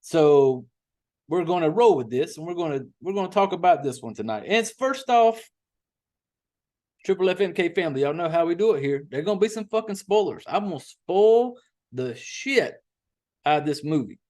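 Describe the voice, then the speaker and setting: A man's voice: on the high side, expressive, fast talker, dark tone. A man hosting a podcast, rambling casually and profanely, with drawled slang. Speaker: podcast host.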